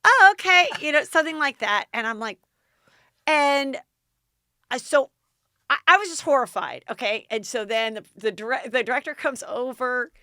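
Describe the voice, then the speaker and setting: Bright, animated American woman telling stories. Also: fairly high pitch, normal speed, no room sound, studio quality. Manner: animated, dramatic retelling with quoted voices. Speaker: podcast host. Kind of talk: casual storytelling chat.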